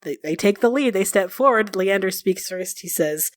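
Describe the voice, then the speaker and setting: A woman's voice: medium pitch, animated, normal speed, hardly any pauses, no room sound, clean studio sound. A woman narrating a tabletop game as game master, casual with fillers.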